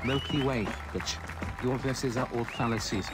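A man's voice: mid-range voice, moderate pace, loud music behind the voice, over a noisy crowd, natural voice, poor audio. A man voicing a swaggering male rapper in a video game, boasting in a rhythmic flow. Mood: boastful. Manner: boastful rhythmic rap delivery. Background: loud rap beat.

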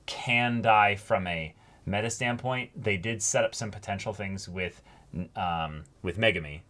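Bright-voiced man thinking aloud. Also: fairly low pitch, unhurried. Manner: thinks aloud, restarting and trailing into asides. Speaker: co-host. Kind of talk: casual anime reaction chat.

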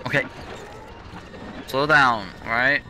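A young man talks over his own gameplay with a very bright, sharp tone. He rants and swears at the janky controls, exasperated and fed up. Faint game music plays underneath. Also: medium pitch, slow. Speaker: let's play gamer. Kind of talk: live gameplay commentary.

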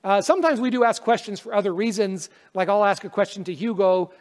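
A man with a high voice leads a prayer and preaches a sermon in an earnest, conversational manner, with touches of self-deprecating humor. His voice rings with the long reverb of a church hall. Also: a little fast, darkish tone. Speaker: pastor. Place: church sanctuary.

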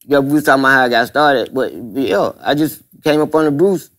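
A man telling a story on a comedy podcast, animated and laughing as he acts out the people in it. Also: mid-range voice, a little fast. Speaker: guest comedian. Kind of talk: casual storytelling.

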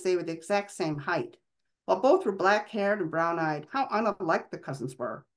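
A woman author reading a passage from her novel aloud, expressively. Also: on the low side.

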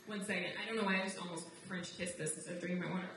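A woman's voice: fairly even intonation, racing, hardly any pauses. Young woman doing stand-up in an echoey room. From outside the United States. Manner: wry, conversational, swings into high mocking voices for quotes. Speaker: stand-up comedian. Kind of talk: live stand-up comedy. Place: live comedy venue with audience. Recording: roomy live recording from a distance, noisy.

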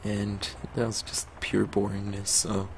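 Young man, let's play commentary, low gravelly voice, slow joking delivery. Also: completely flat delivery, a little hiss or hum. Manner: joking, reads game text aloud. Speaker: gamer.

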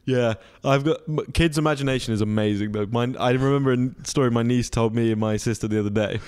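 A man's voice: mid-range voice, fast talker, clean tone. Young man telling stories animatedly. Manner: animated storytelling with frequent laughter. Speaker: podcast co-host. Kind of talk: casual chat.

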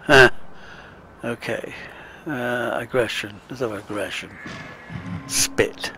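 A British man talks his way through a game in an unhurried, easygoing drawl, laughing softly and muttering asides to himself. His pitch sits in a middling range. Faint game noise hums under his voice. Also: animated. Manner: chatty, chuckling, mutters to himself. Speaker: let's play gamer. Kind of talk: casual gameplay commentary.

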